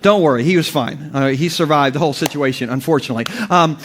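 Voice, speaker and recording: A man's voice: fairly high pitch, fast talker, noisy background. A man in his thirties preaching a humorous sermon as pastor, telling stories with jokes and laughing often.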